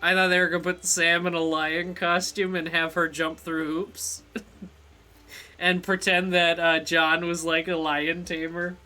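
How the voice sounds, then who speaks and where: A man's voice: a little high, flat delivery, a little slow, bright, forceful tone. A man streaming a video game live, rambling through jokey, self-mocking asides as he plays.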